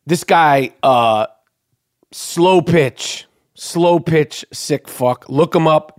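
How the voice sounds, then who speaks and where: Male host, slightly high-pitched, crude and sarcastic, ranting through weird news. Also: extremely slow. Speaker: show host. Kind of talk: profane comedic news rant.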